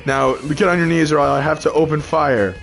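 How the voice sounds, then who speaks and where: A man's voice: a little high, steady tone, normal speed, gravelly, fairly bright tone, faint music behind, pitched above the performer's own voice. A man putting on the voice of a stern male federal tax agent who barks orders and threats. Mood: commanding.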